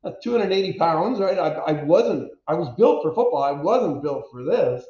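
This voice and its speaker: A man in his fifties from the United States, a former pro football player telling stories as an interview guest, animated and self-deprecating, acting out quotes. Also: a little high, normal speed. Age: 50s. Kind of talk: candid storytelling interview. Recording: echoey, dull lo-fi audio.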